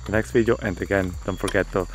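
A man's voice: sits low, steady tone, fast talker. A man talking to the camera as a travel vlogger, chatty, candid and poking fun at himself. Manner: chatty, candid and self-mocking. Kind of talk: casual vlog talk to camera. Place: outdoors in a rainforest. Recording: outdoor clip with loud insect noise. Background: insects and crickets of the forest.

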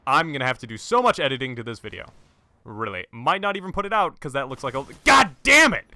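An excitable young man narrating his own gameplay, his voice bright and bouncing all over the place. He jokes, talks to his teammates and swears at his deaths, speaking close into a headset mic. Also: mid-range voice, fast talker, slight background noise. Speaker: gaming channel host. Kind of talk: let's-play gameplay commentary.

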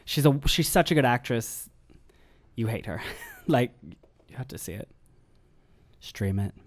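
Man, podcast co-host, casual chat, gushing, animated. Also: mid-range voice. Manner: animated, gushing, quick asides.

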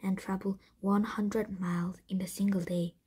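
A woman voicing a calm, wise man who guides travelers across the desert while reading a storybook aloud, in a soft, breathy, husky voice. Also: mid-range voice, moderate pace.

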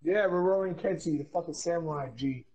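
A man playing a fighting game with a friend, cheering and cursing loudly at the match. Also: on the high side, fairly quick, husky. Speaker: fellow player. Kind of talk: casual gaming banter.

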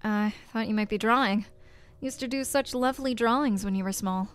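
A woman's voice: a little high, a little fast, clear, resonant tone, no echo, natural voice. A woman reading as a nagging middle-aged mother. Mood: disapproving. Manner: plain reading, no accent attempted.

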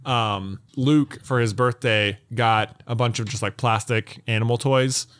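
Young man, podcast co-host, relaxed storyteller, middle pitch, dry recording. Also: a little slow, dry recording. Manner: relaxed storytelling with playful acted-out bits. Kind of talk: casual chat.

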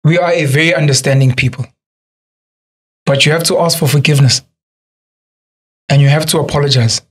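His voice is a little high and his delivery brisk. This young South African entrepreneur, appearing as a podcast guest, spins casual stories and brings the people he quotes to life by imitating them.

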